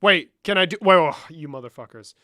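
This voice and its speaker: A young man on a live stream, talking casually in a fairly high, smooth, resonant voice. He swears constantly and banters with his chat, sliding between English and Spanish. The sound is dry and close, with no room echo. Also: lively intonation, fairly quick, bright, forceful tone. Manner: profane, bantering, answers chat questions aloud.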